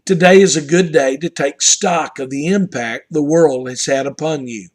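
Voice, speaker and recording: A man's voice: on the high side, normal speed. An older man with a Southern US accent, telling a family story and drawing a devotional lesson from it in an earnest, homespun way. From Southern United States. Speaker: pastor. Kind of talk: devotional message.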